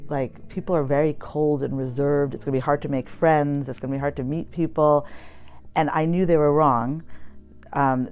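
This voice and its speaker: A woman's voice: sits low, darkish tone. An American woman, a poet and academic, telling a personal story in a chatty, reflective way with many fillers. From United States.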